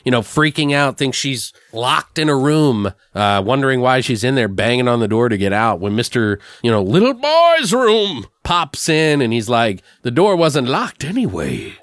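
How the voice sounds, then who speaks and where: A man's voice: medium pitch, normal speed, few pauses, no room sound, studio quality. A man casually recapping a movie, swearing and laughing often as he tells it. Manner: profane, laughs often, animated storytelling. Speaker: podcast host.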